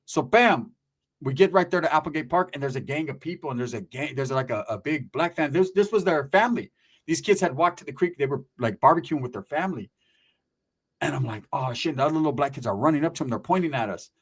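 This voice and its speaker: A man telling a story in casual chat, animated and profane, full of street slang and shouted sound effects. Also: fairly high pitch, quick pace, slightly rough.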